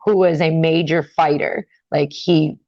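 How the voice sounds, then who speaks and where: An interview guest, a young woman, tells a personal story casually with lots of fillers, getting animated and higher when she's upset. She speaks a little slowly, and the lo-fi recording has no echo.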